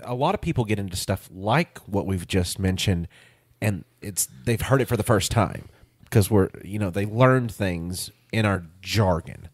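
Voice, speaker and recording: Podcast co-host, man, low voice, rambling casual chatter. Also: a little slow, husky. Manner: rambling, self-correcting, laughs easily.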